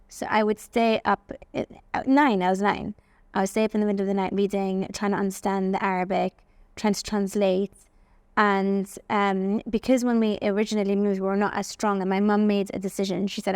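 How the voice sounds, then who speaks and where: Woman guest, gravelly tone, animated personal anecdotes, dry sound. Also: medium pitch, moderate pace, no echo. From England. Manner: animated, acts out quoted voices, frequent "like". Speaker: guest, facial aesthetics practitioner. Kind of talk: personal storytelling interview.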